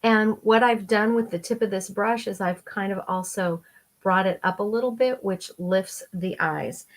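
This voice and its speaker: A woman's voice: medium pitch, normal speed. Chatty middle-aged woman doing makeup tutorial. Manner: chatty, enthusiastic, talks while applying makeup. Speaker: makeup vlogger.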